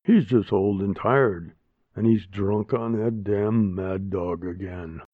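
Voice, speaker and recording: A man's voice: lowish voice, slow, no echo. A man voicing a tired, plain-spoken old grandmother with a folksy, blunt way of talking. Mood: soothing. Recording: dry, tinny phone-like sound.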